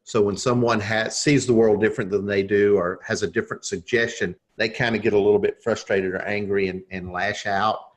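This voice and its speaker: A man with a somewhat low voice, speaking as a guest on a podcast interview. He tells his story in an earnest, reflective way, the way a coach talks through a lesson. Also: steady tone, brisk, few pauses.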